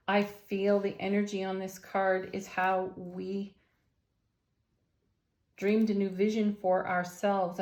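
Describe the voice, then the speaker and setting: Woman doing a tarot reading vlog, gentle n gushy, echoey room. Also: mid-range voice. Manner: gentle, enthusiastic, affirming. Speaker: tarot reader. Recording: roomy echo.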